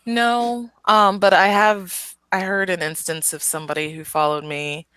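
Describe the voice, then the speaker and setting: A woman from the Southern United States, a podcast guest chatting casually, rambling and hesitant and quick to laugh. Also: mid-range voice, steady tone, a bit bright, clean tone, dry recording. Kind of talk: casual interview chat.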